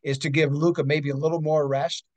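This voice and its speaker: A man's voice: fairly high pitch, little pitch movement, a little fast, a little mellow, no room sound. A man co-hosting a sports betting podcast, talking casually and emphatically, often ending points with "okay?".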